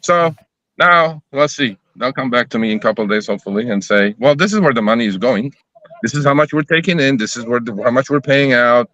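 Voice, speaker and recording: Man, bright forceful voice, profane animated storyteller, dry lo-fi sound. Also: medium pitch, fairly quick, no room sound. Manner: profane, animated storytelling, acting out both sides of conversations. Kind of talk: casual chat on a live stream.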